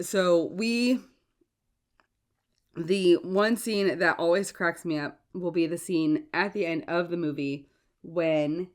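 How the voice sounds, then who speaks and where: A woman hosting a casual solo podcast while sick with a cough and sore throat, chatty and stumbling over her words. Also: low-pitched. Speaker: podcast host.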